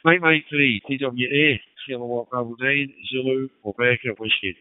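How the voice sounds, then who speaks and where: A Scottish man speaks over a narrow, phone-like digital radio channel, his voice dry and close. He talks at a middle pitch in a courteous, unhurried ham radio manner, spelling call signs phonetically into a headset. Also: dry recording. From Scotland. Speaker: amateur radio operator. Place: upstairs bedroom radio shack.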